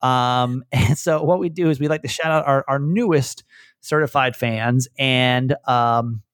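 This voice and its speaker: A man with a light Southern American accent hosts a podcast in a loose, rambling chat, laughing often. His voice sits at a middling pitch and sounds dry and close, with almost no room around it. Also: fairly bright tone, smooth, no room sound. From Southern United States. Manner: rambling, chatty, quick laughs. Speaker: podcast host.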